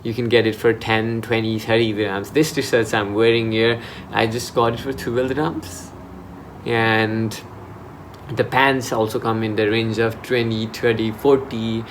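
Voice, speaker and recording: A chatty young man in Dubai records a casual advice vlog, speaking informally and often restarting his sentences. His voice is lowish, flat, and a little slow, with slight hiss or hum.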